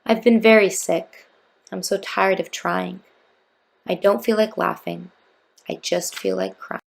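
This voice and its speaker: A sick, tired little girl in a storybook, as a woman reading aloud puts her on, speaking quietly and wearily. There is a faint gravelly fry under the soft voice. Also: medium pitch, steady tone, measured pace, slight background noise. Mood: weary sad. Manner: quiet, weary.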